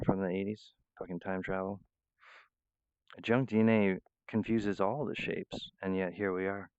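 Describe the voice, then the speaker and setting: Rambling, profane male vlogger, low smooth voice, dry lo-fi recording. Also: no echo. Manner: rambling, profane, restarts mid-phrase. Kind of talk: rambling monologue.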